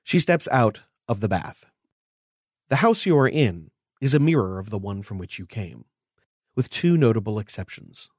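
A man's voice: on the low side, expressive, normal speed, a little mellow, slightly rough, no room sound, clean studio sound. A man narrating a tabletop game as game master, describing scenes in detail.

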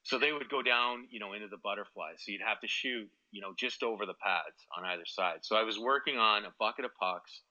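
Male interview guest, low and forceful, rambling storyteller, slightly muffled audio. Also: brisk, hardly any pauses. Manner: rambling anecdotes, quoting others. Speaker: guest, former hockey player.

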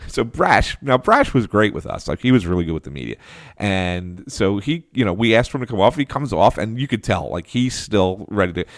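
A man with a lowish voice settles into a casual podcast story, restarting sentences and spinning the anecdote with energy. The sound is close and dry, with no room around it. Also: a little fast, no echo. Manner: animated anecdotal storyteller, frequent restarts and laughs. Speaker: podcast co-host.

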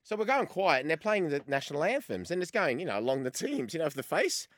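A man in his fifties with an Australian accent, a former goalkeeper telling an animated story as a sports radio guest and acting out the conversations he recounts. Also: fairly high pitch, quick pace, dry recording, clean studio sound. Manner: animated storyteller who acts out quoted exchanges.

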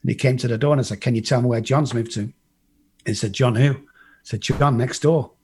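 A man's voice: medium pitch, fairly even intonation, fairly quick, a little mellow, a little hiss or hum. An English man telling his life story in a blunt, casual way, swearing freely and acting out what other people said. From England.

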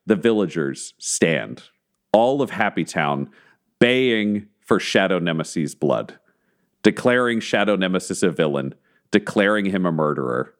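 A man running a tabletop game as game master, narrating in a theatrical, building style. His voice sits low and ranges widely, rising and falling for drama. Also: lively intonation. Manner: slow, building, theatrical storytelling.

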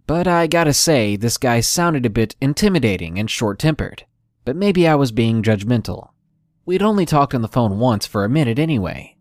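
A man hosting a podcast, reading horror stories aloud in a measured, deliberate storytelling manner. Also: medium pitch, dry recording, studio quality. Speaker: podcast host and narrator. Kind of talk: scripted horror story narration.

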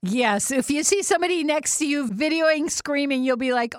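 Lively high-voiced woman hosting a chat. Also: normal speed, hardly any pauses, dry recording, clean studio sound. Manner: animated, laughs often, acts out quotes. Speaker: host. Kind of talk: casual chat.

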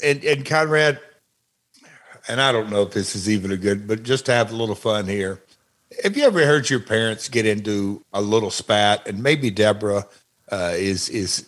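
A man co-hosting a podcast, telling rambling, animated family anecdotes and quoting people along the way. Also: lowish voice. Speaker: podcast co-host. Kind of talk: casual podcast storytelling.

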